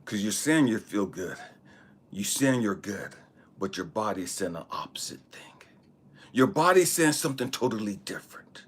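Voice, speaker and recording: A man quoting a serious male doctor who delivers steady, grave warnings in a calm, firm voice. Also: lowish voice, moderate pace, slightly rough.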